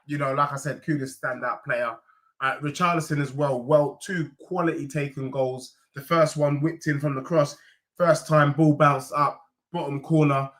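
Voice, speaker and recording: A man talks through a live football reaction stream, animated and emphatic. His voice sits high and sounds bright and forceful. He leans on slang and hits his points hard. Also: normal speed. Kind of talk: casual live reaction chat.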